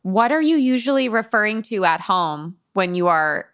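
Bright, enthusiastic woman host. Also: mid-range voice, expressive, moderate pace, clean tone. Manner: enthusiastic, laughs often. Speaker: podcast host. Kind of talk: casual interview chat.

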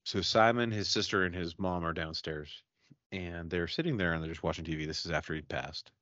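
Deep-voiced man telling a story, swearing freely. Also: brisk, no room sound, muffled recording. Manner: profane, animated storyteller. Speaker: podcast host. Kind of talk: casual drinking-session chat and storytelling.

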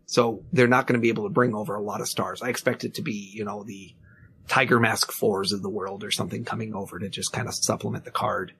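A man's voice: on the low side, fairly even intonation, quick pace, gravelly, fairly bright tone, a little hiss or hum. Grainy-voiced man hosting a podcast. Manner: rambling, many fillers. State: recovering voice, grainy. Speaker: podcast host. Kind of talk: casual chat.

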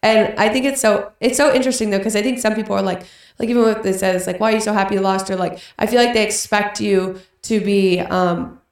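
A young woman telling stories as a podcast co-host, chatty and animated. Her pitch is in the normal middle range for a woman. She sits some distance from the mic in an echoey room. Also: vocal fry. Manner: chatty storyteller, quick and animated. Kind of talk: casual chat.

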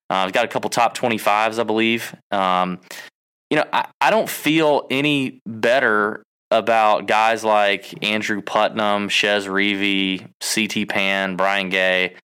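A man's voice: lowish voice, pushed and bright, smooth. A man co-hosting a podcast, casually running through lists and hedging his claims. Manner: lists names briskly, hedging with "I believe". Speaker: podcast co-host.

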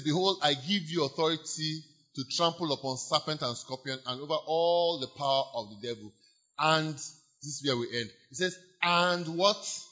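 A man's voice: on the high side, pushed and bright. A man preaching a sermon as pastor, emphatic, repeating key phrases and stretching words for stress while leading the congregation in declarations. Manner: leads the congregation in call-and-response declarations. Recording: dull lo-fi church sermon recording.

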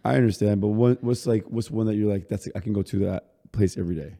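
A man hosting an interview, asking casual questions in a relaxed, hesitant way with fillers. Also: lowish voice, fast talker. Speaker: host.

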